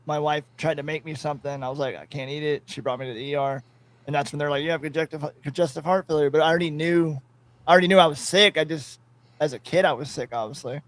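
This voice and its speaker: A man's voice: a little high, steady tone, quick pace, a bit bright. A man co-hosting a podcast in casual chat, blunt and joking, swearing freely as he tells his story. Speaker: podcast co-host.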